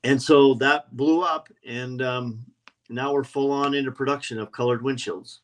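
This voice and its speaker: A man guesting on a podcast, spinning stories in easy conversation. His voice sits at a middling pitch, and he slips into the voices of the people he quotes. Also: moderate pace, rough recording. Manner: animated anecdotes, acts out quoted voices. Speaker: guest, custom motorcycle builder. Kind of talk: casual podcast storytelling.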